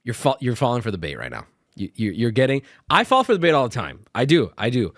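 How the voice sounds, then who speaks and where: Animated man ranting to his chat. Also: mid-range voice, fast talker, dry recording, clean studio sound. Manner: animated, exasperated ranting with frequent restarts. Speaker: streamer and host. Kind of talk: casual storytelling to a live chat.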